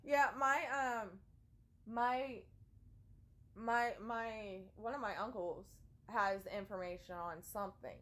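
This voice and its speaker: A woman's voice: on the high side, slow pace. A young American woman, born in California and raised in Ohio, chatting playfully as a vlog co-host and reading out viewer comments. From USA (born California, raised Ohio). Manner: giggly, animated, playful. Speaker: vlogger co-host.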